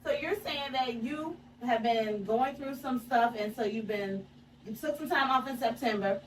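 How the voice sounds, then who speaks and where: A woman's voice: on the high side, normal speed. Woman host asking follow-up questions. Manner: probing, asks follow-up questions. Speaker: podcast host. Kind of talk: casual chat. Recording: distant mic with faint background noise.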